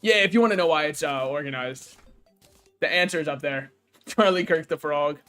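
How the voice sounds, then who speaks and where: A man's voice: on the high side, moderate pace, pushed and bright, clean tone, soft background music. A young man streaming a game, joking and rambling casually and laughing at his own jokes. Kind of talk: casual gaming stream chat.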